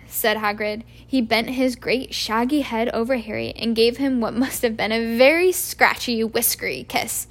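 Brief: amateur woman narrator, storybook, slight fry, trips over words. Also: fairly high pitch, normal speed, few pauses. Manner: stumbles and restarts words. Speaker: amateur audiobook reader.

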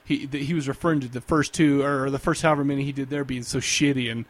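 A man's voice: mid-range voice, fairly even intonation, quick pace, dry recording. A man hosting a podcast in casual chat, rambling and hesitant with lots of fillers. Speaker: podcast host.

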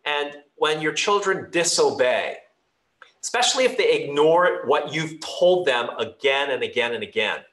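Male pastor, sermon, conversational and earnest, slightly high, roomy church hall sound. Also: a bit bright. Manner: conversational, earnest, fillers and restarts. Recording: echoey room.

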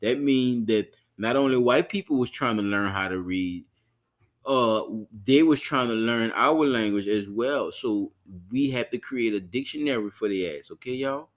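A man's voice: medium pitch, normal speed. A man hosting a podcast in loose, profane casual chat, often repeating himself to listeners. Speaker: podcast host.

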